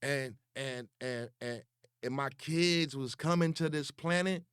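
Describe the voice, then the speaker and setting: A young man, ranting slowly and profanely as he calls someone out online, repeating words for emphasis. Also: medium pitch, a bit bright, clear, resonant tone, dry recording, clean studio sound. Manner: slow, taunting and profane. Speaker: online commentator. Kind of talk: confrontational call-out rant.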